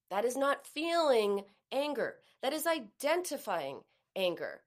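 A woman's voice: high-pitched, very animated, unhurried. A middle-aged woman coaching on emotions in a live teaching talk, acting out sighs and inner voices as she explains.

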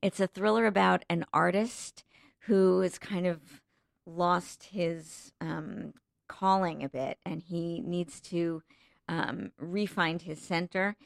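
A woman's voice: lowish voice, steady tone, slow, gravelly, no room sound, clean studio sound. A woman actress chatting as a guest on a podcast, talking loosely with frequent ums and self-restarts. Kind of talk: casual podcast chat.

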